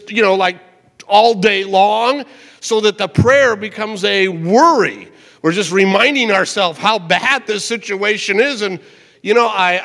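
An older man preaches in a fairly high voice, talking to the congregation in a loose, conversational way. He slows right down when he repeats a verse. A long hall reverb trails behind every line. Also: a bit bright. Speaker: pastor. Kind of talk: sermon. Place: church sanctuary.

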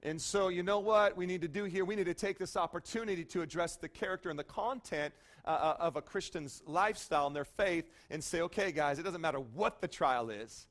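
High-voiced lively male pastor. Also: fairly quick, hardly any pauses. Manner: lively, conversational, frequent "okay?" asides. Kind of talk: sermon.

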